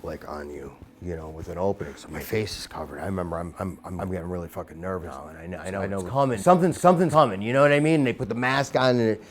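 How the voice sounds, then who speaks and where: A middle-aged man recounting a childhood memory in an interview, swearing constantly, his voice surging loud and then dropping low. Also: racing, few pauses, a little hiss or hum. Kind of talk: emotional storytelling.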